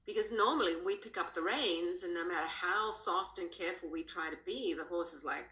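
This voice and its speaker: A woman with an Australian accent, a horse trainer, telling stories animatedly as a podcast guest. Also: a little fast. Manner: animated, jumps up in pitch when quoting. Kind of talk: casual storytelling in a podcast. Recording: roomy echo.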